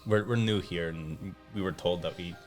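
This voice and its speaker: A man's voice: low voice, moderate pace, faint music behind. A man playing a tabletop game, talking hesitantly with frequent restarts. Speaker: player.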